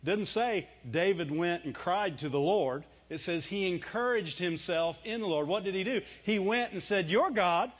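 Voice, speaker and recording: High-voiced preacher asking rhetorical questions. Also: male voice, normal speed, hardly any pauses. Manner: rhetorical questions, answering himself; conversational, chuckling preaching. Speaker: pastor. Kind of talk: sermon. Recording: dull lo-fi recording.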